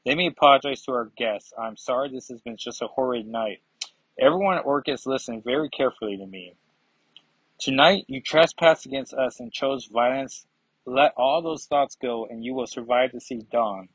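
A man voicing a calm, powerful woman telepath who speaks in a measured, commanding way. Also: mid-range voice, slightly rough, no echo, poor audio.

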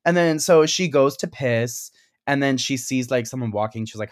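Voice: mid-range voice, moderate pace, dry recording, studio quality. A speaker in casual podcast chat, recapping a horror scene with lots of swearing and acted-out lines and screams. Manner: animated, swearing, acting out screams and quotes.

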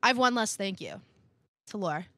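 A woman's voice: medium pitch, very animated, brisk, a bit bright, no room sound, clean studio sound. A young woman co-hosting a podcast in casual chat, laid-back and blunt, swearing freely. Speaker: podcast co-host.

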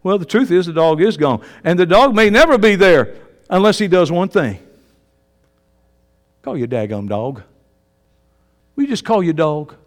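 A man preaching a sermon, emphatic and folksy, swinging from loud declarations to low asides. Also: very animated, moderate pace, pauses often, in a large hall.

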